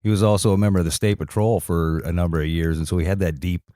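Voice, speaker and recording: Deep-voiced, slow Wisconsin man. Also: fairly even intonation, warm tone, no echo, clean studio sound. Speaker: actor, guest. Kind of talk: casual podcast chat.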